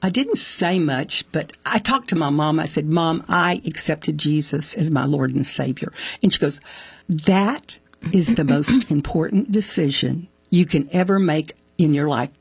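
A woman's voice: deep voice, a little slow, gravelly, breathy edge, dry recording. A woman telling a personal faith story as an interview guest, acting out the voices of the people in it. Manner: animated storyteller, acts out quoted voices.

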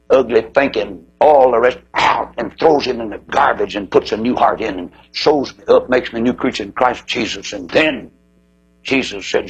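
A man's voice: husky, lo-fi sound. A man preaching a sermon, telling stories dramatically and acting out the voices in them. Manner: dramatic storytelling with swooping pitch, acting out quoted voices.

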